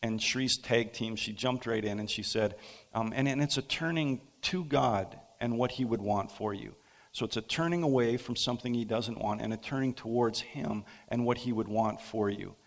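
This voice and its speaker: Male pastor, gravelly voice, halting storyteller with pauses, sermon in a reverberant church. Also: mid-range voice. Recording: long hall reverb.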